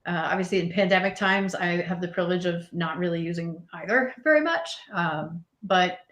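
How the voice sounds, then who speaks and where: Female panel guest, animated storyteller, echoey room sound. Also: on the low side, normal speed. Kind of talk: casual panel discussion.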